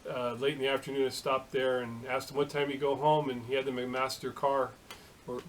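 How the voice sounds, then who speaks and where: A middle-aged home shop machinist chats to the camera in a casual vlog, his ordinary-pitched voice level in tone. He halts often, restarting and filling gaps with "uh," over a faint hiss on a low-quality recording.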